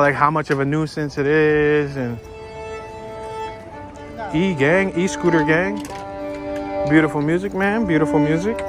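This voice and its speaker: Chatty Philly man on a street walk. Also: on the high side. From North Philadelphia. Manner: chatty, joking, drifts between topics. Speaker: walking tour vlogger. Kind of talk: casual chat while walking. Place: outdoors on a city street.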